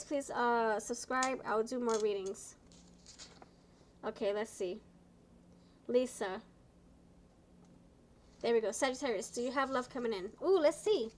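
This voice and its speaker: A woman with a slightly high voice hosts a live tarot reading, speaking in a chatty, encouraging way. She sounds tired and low on energy, and sometimes stumbles over her words. A faint hiss of noise sits under her voice. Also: low-quality recording. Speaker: tarot reader.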